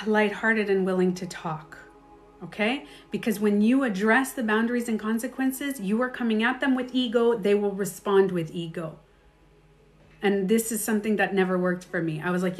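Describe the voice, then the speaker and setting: A woman life coach giving candid, animated advice in casual talk, with her own stories and laughter. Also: medium pitch, normal speed, soft background music.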